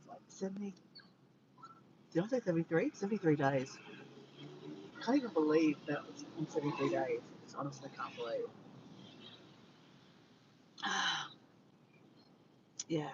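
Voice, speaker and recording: A woman's voice: deep voice, unhurried, pauses often. A tired Australian woman chatting casually from her car to live viewers, rambling, greeting them by name and correcting herself. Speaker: vlogger livestreaming to viewers. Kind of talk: casual chat to a live audience. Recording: dull lo-fi with faint background noise.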